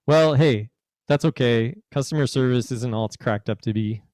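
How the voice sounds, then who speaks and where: A man's voice: mid-range voice, normal speed, darkish tone, no echo, clean studio sound. A man hosting a casual podcast chat, teasing and rambling as he talks. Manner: teasing, rambling, puts on a joke British accent. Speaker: podcast host.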